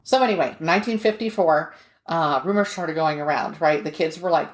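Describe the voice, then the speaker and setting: A woman's voice: sits low, fairly quick. Chatty woman storyteller in an echoey room. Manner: chatty, laughs mid-sentence. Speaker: podcast co-host. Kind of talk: casual storytelling.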